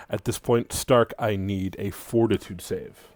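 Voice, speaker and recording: A man narrating a tabletop game as game master, in slow, dramatic, hushed delivery. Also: lowish voice, steady tone, no room sound.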